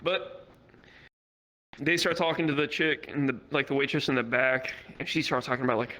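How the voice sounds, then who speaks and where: A man doing stand-up, telling a rambling, profane story with quick acted quotes in a virtual comedy club. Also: medium pitch, bright, forceful tone, a little hiss or hum.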